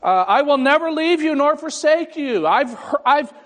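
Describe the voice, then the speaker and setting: A man preaching a sermon as pastor, pausing dramatically and voicing scripture and God's words with rising emphasis. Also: very high voice, expressive. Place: church sanctuary. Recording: long hall reverb.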